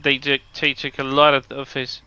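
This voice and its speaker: A man's voice: medium pitch, completely flat delivery, moderate pace, sharp tone, smooth, highs cut off. A man chatting casually while gaming, grumbling and restarting his words. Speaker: co-host gaming on stream.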